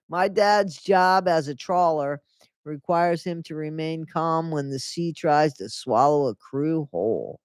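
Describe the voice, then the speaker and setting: A host reads a memoir aloud, then cuts in with snide asides and laughter. The voice sits at a medium pitch. The recording is dry and close, with little room sound. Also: measured pace, darkish tone, dry recording. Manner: mocking, laughs often, sarcastic asides. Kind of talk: book reading with sarcastic commentary.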